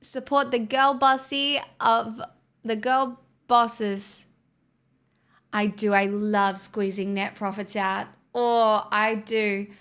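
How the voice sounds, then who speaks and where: Sarcastic woman streamer, unhurried. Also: medium pitch, fairly even intonation, fairly bright tone, clear, resonant tone. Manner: sarcastic, mock corporate girlboss patter. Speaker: livestreamer. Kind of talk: casual livestream chat.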